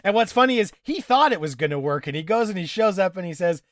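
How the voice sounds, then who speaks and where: A man chats through a TV episode on his podcast and keeps slipping into the characters' lines as he retells scenes. His voice sits a little high, and the sound is dry and close to the mic. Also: fast, hardly any pauses, dry recording. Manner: animated recapping, acts out characters' lines. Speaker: podcast co-host. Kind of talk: casual TV episode discussion.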